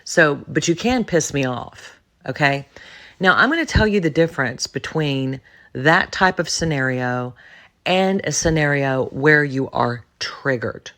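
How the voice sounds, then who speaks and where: A woman's voice: sits low, expressive, unhurried, fairly bright tone. A woman hosting a solo podcast, giving a blunt, emphatic, self-assured monologue on personal development. She repeats words for emphasis and talks straight to the listener. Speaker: podcast host.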